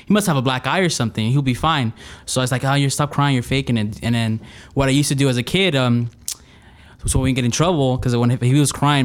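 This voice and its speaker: A young man telling a funny personal story in a casual, rambling way, with lots of restarts. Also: medium pitch. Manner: rambling, many restarts, animated retelling. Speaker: storyteller guest.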